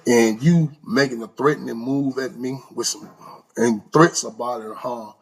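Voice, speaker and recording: A man telling an animated, slang-heavy story in a casual way, his voice leaping up for emphasis. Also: medium pitch, normal speed, creaky, husky. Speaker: storyteller recounting prison life.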